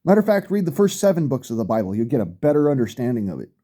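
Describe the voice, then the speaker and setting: A man's voice: medium pitch, big pitch swings, rapid-fire, dark tone. A middle-aged man speaking bluntly in a profane rant, swearing heavily and repeating himself for emphasis. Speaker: vlogger.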